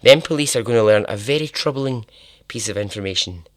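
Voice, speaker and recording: A man's voice: fairly low pitch, lively intonation, a little fast, no echo, clean studio sound. A man hosting a podcast, telling a true-crime story in a chatty, irreverent way, with swearing and laughter at his own asides. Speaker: podcast host.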